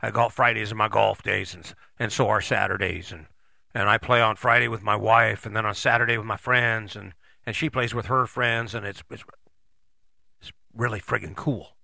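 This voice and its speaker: Middle-aged guy podcasting, folksy and rambly, swears here and there, bright edgy voice. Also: lowish voice, steady tone, moderate pace, gravelly, no echo, clean studio sound. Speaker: podcast host. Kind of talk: casual motivational monologue.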